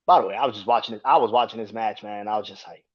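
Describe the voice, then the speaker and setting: A man hosting a podcast, reviewing wrestling in a casual, profane rant. He keeps jumping into high-pitched outbursts. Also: racing, muffled recording. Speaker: podcast host.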